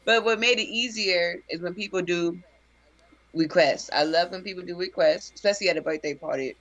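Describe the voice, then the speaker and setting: A woman's voice: on the low side, fairly quick, fairly bright tone, dry recording, muffled recording. Woman DJ from Texas. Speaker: DJ and interview guest. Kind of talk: casual interview answers.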